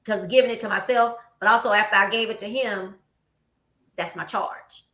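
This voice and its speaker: Southern lady hosting a chat, tells it big and acts out the quotes, bright voice, roomy echo. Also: medium pitch, normal speed. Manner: animated storytelling, acts out quotes. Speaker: host. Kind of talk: casual chat. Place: office room. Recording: echoey room.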